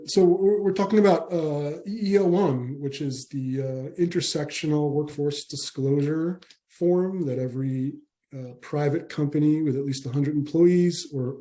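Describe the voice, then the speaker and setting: A man presenting as a company CEO, explaining his subject in an informal way with halting restarts. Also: medium pitch, mellow.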